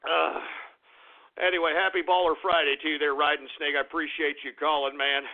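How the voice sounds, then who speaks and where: A man's voice: a little high, little pitch movement, fairly quick. A man hosting a radio call-in show, swearing and venting his exasperation between callers. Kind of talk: profane call-in radio rant. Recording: tinny phone-like line.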